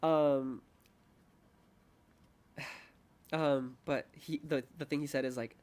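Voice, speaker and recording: A man's voice: mid-range voice, fairly even intonation, drawn-out words, pauses often, a little mellow. A young man hosting a casual podcast chat, rambling and self-mocking, laughing often and acting out quoted voices. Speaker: podcast host.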